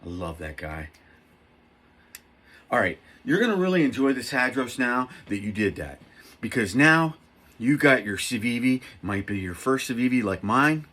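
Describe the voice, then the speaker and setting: Middle-aged man, husky voice, casual and rambling, excitable vlog delivery. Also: mid-range voice, moderate pace. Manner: rambling, excitable, self-mocking. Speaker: knife reviewer. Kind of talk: casual talk to camera.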